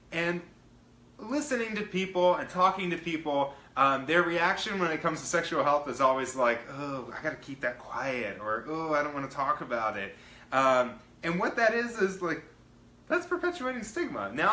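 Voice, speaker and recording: A man's voice: a little high, bright, forceful tone, roomy sound, poor audio. A man hosting his own live-stream show, chatting casually and greeting viewers by name in an upbeat way. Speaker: livestream show host.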